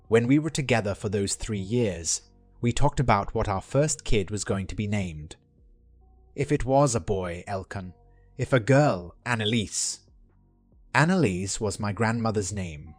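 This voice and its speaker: A man narrating a first-person relationship drama in a steady scripted read. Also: lowish voice, unhurried, faint music behind.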